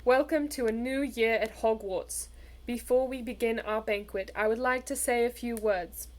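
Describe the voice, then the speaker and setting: A woman's voice: fairly high pitch, steady tone, moderate pace, close to an everyday voice. A woman voicing a beaming old headmaster wizard who speaks grandly and cheerfully.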